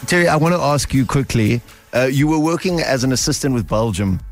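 A man's voice: mid-range voice, animated, a little fast, faint music behind. A man co-hosting a radio show, asking interview questions with a few fillers and restarts. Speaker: radio co-host.

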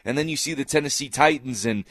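A man's voice: mid-range voice, quick pace, fairly bright tone, no room sound, clean studio sound. A man co-hosting a sports talk show, making his points with emphatic repetition. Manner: emphatic, repeating phrases for effect. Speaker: sports radio co-host.

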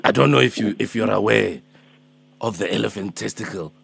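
A man's voice: on the low side, brisk, creaky, slightly rough, full character voice. A man voicing a fussy, pleading elderly man who chases a debt in a prank phone call, rambling and hesitant. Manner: rambling, hesitant, calls her Mama and my darling.

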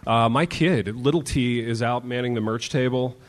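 A man's voice: mid-range voice, moderate pace, a little hiss or hum. A man hosts a live podcast show in a hall, and his voice rings with a long reverb. He is playful and teasing, calling his co-hosts baby. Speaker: host.

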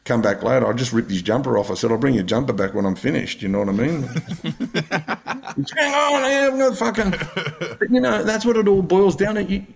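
A man's voice: a little high, expressive, normal speed, gravelly. An Australian man, a podcast guest, telling blunt stories, swearing freely and laughing along. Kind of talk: casual storytelling interview.

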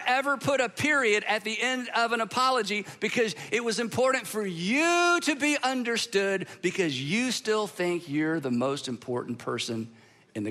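A man delivers a sermon in a high, bright voice that swings widely in pitch. He is emphatic and instructive, slowing down for key phrases and drawing the crowd into repeating them. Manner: emphatic, teaching with pauses and call-and-response. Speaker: pastor.

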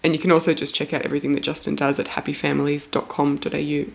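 A very low-pitched woman hosts a relaxed podcast conversation. She talks freely and laughs easily, sounding slightly spaced out. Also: very fast, gravelly. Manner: chatty, laughs often, reads listener offers. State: a little medicated, sounds spaced out. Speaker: podcast host. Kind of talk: casual podcast chat.

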